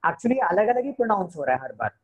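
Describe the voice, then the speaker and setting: Husky man teaching beginner vocabulary. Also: high voice, big pitch swings, low-quality recording. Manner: slow, repeats each word, switches to Hindi to explain. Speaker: French teacher. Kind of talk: beginner language lesson.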